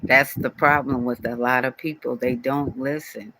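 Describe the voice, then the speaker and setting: Scolding man, bright close voice. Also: mid-range voice, steady tone, normal speed, dry recording, rough recording. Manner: scolding, repetitive, speaks directly to viewer. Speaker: channel owner addressing a commenter. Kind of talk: casual scolding vlog rant.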